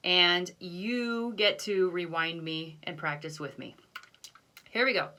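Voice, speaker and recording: A woman's voice: on the low side, takes it slowly, pushed and bright. A woman band teacher recording a video lesson, counting off beats and explaining patiently with self-deprecating asides.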